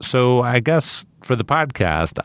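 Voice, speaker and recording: A man's voice: medium pitch, sing-song, takes it slowly, no room sound. A man hosts a science podcast and keeps things moving with short, prompting questions. His voice sits in the middle range and sounds dry and close to the mic. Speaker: podcast host.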